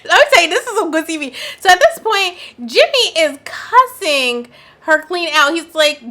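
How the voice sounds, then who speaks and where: A woman giving casual, opinionated commentary on a reality dating show, talking in an animated, slangy way. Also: very high voice, normal speed. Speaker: reaction commentator.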